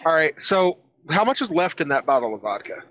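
Bright-voiced man playing a tabletop game. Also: fairly high pitch, very animated, fairly quick, highs cut off. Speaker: player. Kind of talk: casual tabletop chat.

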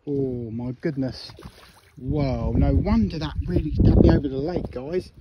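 Excitable angler outdoors. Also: male voice, medium pitch, unhurried, highs cut off. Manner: excitable, chatty, addresses viewers as guys. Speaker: fishing vlogger. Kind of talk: casual commentary while fishing. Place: outdoors by a lake. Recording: loud outdoor noise.

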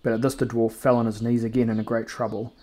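Mellow male audiobook narrator. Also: medium pitch, flat delivery, fast talker. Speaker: reader.

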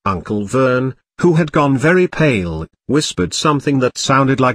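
A man narrating a parody storybook in a deadpan, steady reading. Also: mid-range voice, moderate pace, dry recording, studio quality.

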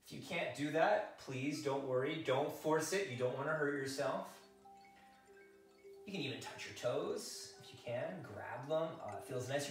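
A man's voice: medium pitch, a bit bright, recorded from a distance. A man from a French-speaking background leading a kids' workout at home, upbeat and encouraging as he counts reps and guides stretches. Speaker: kids fitness instructor. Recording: echoey room, mic set back, faint music.

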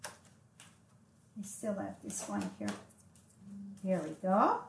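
Slow-talking French-accented woman crafting. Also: lowish voice, wildly swooping pitch. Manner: slow, chatty, thinking aloud as she works. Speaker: papercraft instructor. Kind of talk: live craft tutorial. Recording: echoey room with faint noise.

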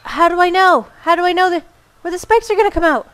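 A woman's voice: very high-pitched, fast talker, a bit bright. A woman giving let's play commentary as she plays, reacting aloud, exclaiming and muttering to herself. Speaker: gamer.

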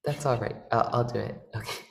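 A man's voice: medium pitch, fairly quick, vocal fry. A man presenting an organ workshop, patiently explaining music theory with fillers and self-corrections. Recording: echoey room with organ playing.

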